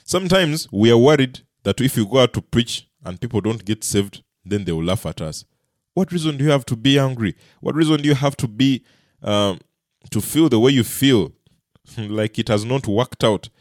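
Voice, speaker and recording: A man's voice: mid-range voice, lively intonation, normal speed, no room sound. Earnest male preacher with dry sound. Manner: earnest, rises and falls in loudness for emphasis; repeats words and restarts while speaking. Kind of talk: sermon.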